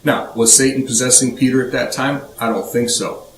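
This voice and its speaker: A man's voice: medium pitch, steady tone, a little fast, a little hiss or hum. A man giving a conversational Bible study lesson, listing points and retelling scenes with animation. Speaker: Bible teacher. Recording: roomy, distant mic, faint ambience.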